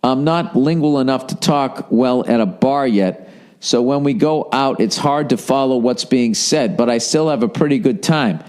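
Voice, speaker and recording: A man's voice: medium pitch, moderate pace, a little mellow. A man hosting a comedy podcast, reading a listener's letter aloud and cutting in with blunt, sarcastic, profane asides.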